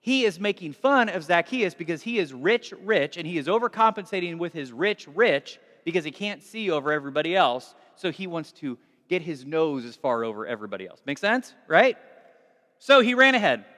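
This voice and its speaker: A man preaching a sermon in a conversational, animated way, recorded in a large church hall with long reverb. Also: fairly high pitch, brisk. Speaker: pastor.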